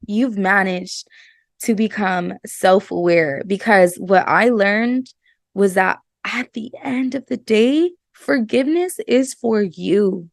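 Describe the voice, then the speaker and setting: A woman's voice: medium pitch, creaky, no room sound, studio quality. A woman hosting a casual self-help podcast, earnest and emphatic, often repeating her words. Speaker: podcast host.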